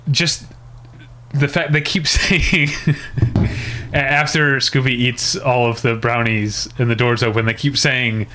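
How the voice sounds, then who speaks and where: A man's voice: medium pitch, steady tone, a little slow, noisy background. A man co-hosting a podcast in casual chat, wheezing after a hard workout and rambling with many fillers. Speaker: podcast co-host. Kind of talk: casual chat comparing TV episodes.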